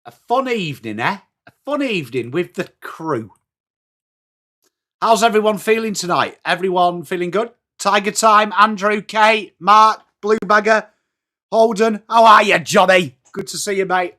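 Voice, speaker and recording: An English man hosting a live football watchalong stream, chatty and upbeat, greeting viewers by name, his voice starting to go a little hoarse. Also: high voice, measured pace, bright, forceful tone. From England. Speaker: livestream watchalong host. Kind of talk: live chat reacting to football.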